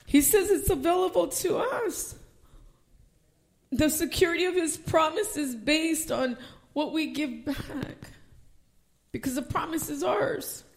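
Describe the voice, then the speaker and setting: A woman pastor delivers a heartfelt sermon. Her voice sits fairly high and climbs into loud, fervent bursts before dropping back to a quieter, reflective tone. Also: slow, vocal fry, pauses often. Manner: impassioned, rising to near-shouting.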